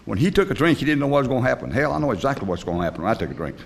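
At a meeting, an older man gives a personal recovery testimony, telling his story in a rambling, earnest, plain-spoken way with folksy grammar and frequent pauses. His mid-range voice is very animated and carries vocal fry, with slight background noise.

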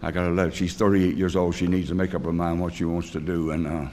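Older man, low voice, rambling testimony. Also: level tone, darkish tone, a little hiss or hum. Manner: rambling, plain-spoken storytelling with frequent pauses; earnest and confessional, folksy grammar. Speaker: speaker at a recovery meeting. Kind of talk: personal testimony talk.

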